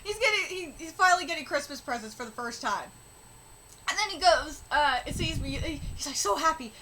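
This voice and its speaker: A woman reads a manga aloud on stream and reacts as she goes, excitable and quick to swear, often breaking into squealing shouts. Her voice sits very high and swoops up and down, bright and forward. A faint hiss runs under the recording. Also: low-quality recording. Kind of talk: live reaction with read-aloud dialogue.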